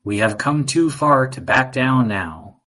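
A man's voice: medium pitch, expressive, unhurried, fairly bright tone. A man voicing a brave, curious little boy in a storybook, earnest and eager.

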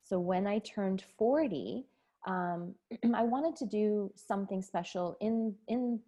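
A woman's voice: mid-range voice, slow, mellow. A woman in her forties, a nurse and podcast guest, telling her story candidly and with feeling in a casual interview. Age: 40s. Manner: candid, emotional, laughs often.

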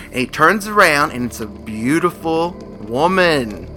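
A man's voice: a little high, unhurried, soft background music. A man telling a spooky story casually, acting out the characters. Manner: animated, acts out the characters' voices.

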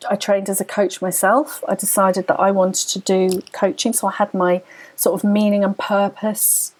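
A woman's voice: mid-range voice, level tone, moderate pace, low-quality recording. A woman, a podcast guest, earnestly telling a personal story in tumbling phrases full of restarts.

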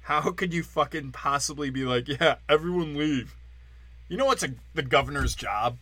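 A brash young comedian on his podcast, tearing into things with blunt, mocking profanity. His voice has a bright, forceful edge, and it sounds close and dry, with almost no room around it. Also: medium pitch, fairly quick, breathy edge, dry recording. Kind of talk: casual comedic rant.

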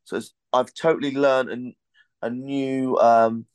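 Podcast host, man, mid-range voice, smooth and clear, loose rambling storyteller. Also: medium pitch, flat delivery, unhurried, darkish tone, no echo. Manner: rambling anecdotal storytelling with swearing. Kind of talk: casual podcast chat.

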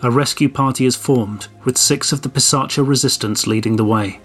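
A man's voice: mid-range voice, brisk, faint music behind. A man with a head cold, reading a dramatic recap of the last tabletop game session. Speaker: player giving the session recap.

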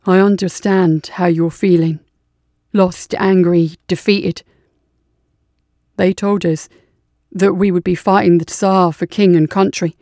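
A woman's voice: fairly low pitch, steady tone, takes it slowly, long pauses, mellow, no room sound, clean studio sound. A woman voicing a nihilistic male scout captain who talks with intense, urgent persuasion. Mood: confiding.

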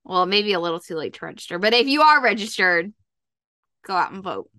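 A woman co-host with a bright, sharp voice, recorded dry and close. She talks conversationally and hammers her points home by repeating them. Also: medium pitch, animated, brisk, no echo. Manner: conversational, repeats herself for emphasis. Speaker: podcast co-host. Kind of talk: casual chat.

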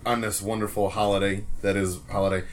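A man's voice: on the low side, flat delivery, a little fast. Profane ranting podcast guy. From Rhode Island, USA. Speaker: podcast co-host. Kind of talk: casual ranting chat.

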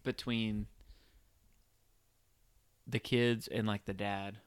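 A man's voice: on the low side, level tone, very slow, clean tone, no echo. A man co-hosting a casual movie chat, rambling and playful, with lots of fillers. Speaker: podcast co-host.

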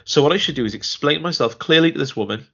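This podcast co-host talks fast in a slightly high, somewhat bright voice with lively intonation, vocal fry, and a breathy edge. He rambles about a TV series in a casual review, restarting frequently and performing quoted lines, while the audio has its highs cut off.

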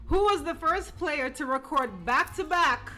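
A high-pitched woman runs a trivia round on a casual group podcast. She teases her friends and laughs as she asks questions. Music plays under the chat. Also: animated, measured pace, sharp tone. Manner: teasing, laughing, quizzing the group. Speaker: podcast co-host asking trivia.

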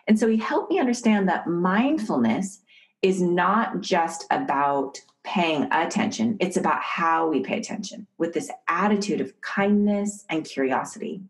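A middle-aged woman from the United States, an author and professor, explaining ideas calmly as a podcast guest. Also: fairly low pitch, poor audio. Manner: calm, measured teaching. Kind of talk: podcast interview, storytelling.

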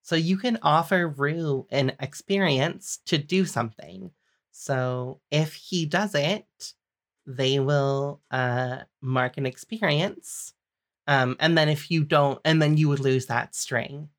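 Woman game master, low-pitched and slow, patient explainer of rules and scenes. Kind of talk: narrating a tabletop game.

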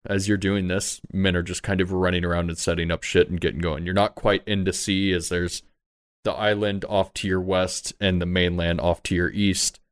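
A man's voice: deep voice, level tone, normal speed, clean tone, dry recording, studio quality. A man running a tabletop game as game master, narrating in a loose, casual way.

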